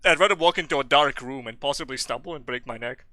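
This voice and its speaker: Male game streamer, very bright tone, dry close mic; rambling jokey commentary, profane, loud spikes. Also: mid-range voice, quick pace, no room sound. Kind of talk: casual live gameplay commentary.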